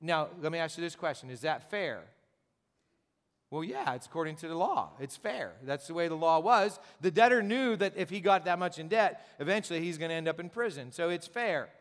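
A man's voice: fairly high pitch, lively intonation, a little fast. A man preaching a sermon as a pastor, talking conversationally with rhetorical questions and repeated words. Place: church sanctuary. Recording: long church reverb.

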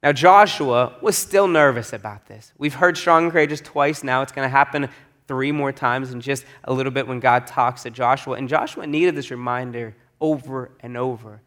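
A man's voice: medium pitch, moderate pace, fairly bright tone. A male pastor giving a sermon in a casual, conversational way, repeating key phrases for emphasis.

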